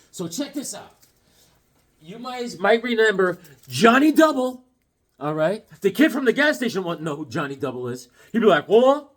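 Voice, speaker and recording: A man's voice: a little high, husky. A man casually telling a childhood story and showing comics from his collection, acting out yelps and other voices along the way. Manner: animated, acts out voices and yelps mid-story.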